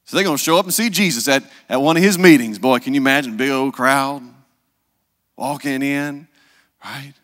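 Pastor telling a story. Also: male voice, mid-range voice, normal speed, a bit bright, long reverb tail. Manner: conversational storytelling, asks "right?" often. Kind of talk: sermon.

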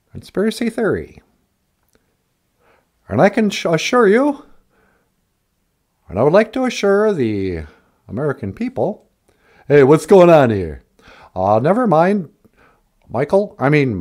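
A man doing an impression of a former male president, speaking slowly and deliberately with pauses between words. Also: fairly high pitch, a little mellow, full character voice.

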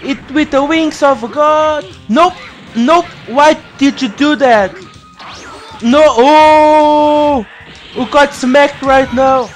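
A man commentating his own fighting game playthrough, excitable and profane, trash-talking his opponent. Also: extremely high pitch, slow pace. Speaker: gaming YouTuber. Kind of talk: let's play commentary. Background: faint game music.

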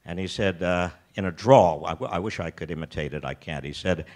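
A man's voice: sits low, a little fast, few pauses, darkish tone. An older American man giving a keynote talk, telling personal stories in a rambling way, with many restarts and wry self-deprecating humor. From United States. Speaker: keynote speaker. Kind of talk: storytelling talk. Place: festival stage.

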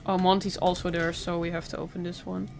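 A woman's voice: fairly low pitch, little pitch movement, fairly quick, gravelly, soft background music. A woman hosting a gameplay video, nervous and jumpy, laughing often as she chats with a co-player. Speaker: gaming channel host. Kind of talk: casual gameplay commentary.

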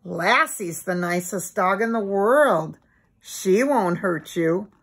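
A woman's voice: mid-range voice, takes it slowly, husky, exaggerated voice. A woman voicing an eager, cheerful little boy while reading a children's storybook aloud. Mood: coaxing. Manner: bright, pleading, storybook read-aloud.

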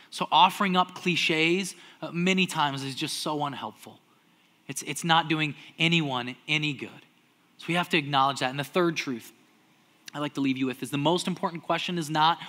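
Male pastor, young adult, high pitch, bright tone, sermon, loud-to-hushed swings. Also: fairly quick. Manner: animated, swings from loud acted-out outbursts to hushed near-whispers.

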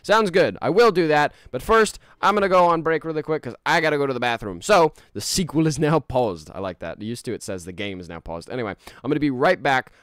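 A man chatting excitedly with his viewers while streaming a game, laughing often and running polls. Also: fairly high pitch, a little fast, hardly any pauses, dry recording, clean studio sound. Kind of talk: live gameplay stream chat.

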